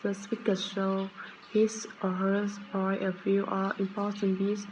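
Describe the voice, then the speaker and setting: A woman reads a prepared lesson script at an unhurried pace. Her delivery stays strikingly flat and steady, with small stumbles. A faint hiss sits behind her voice. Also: mid-range voice, poor audio. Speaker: student presenter.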